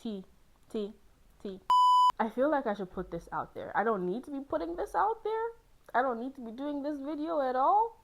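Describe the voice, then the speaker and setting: A young woman chatting casually to camera as a host, lively and laughing often, jumping into high squealing exclaims. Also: brisk, gravelly, rough recording. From Ghana.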